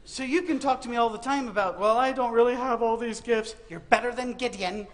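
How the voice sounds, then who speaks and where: A man's voice: very high voice, brisk, a little hiss or hum. A man giving a humorous sermon, telling a Bible story as comic stories and acting out the voices. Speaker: preacher. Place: university auditorium.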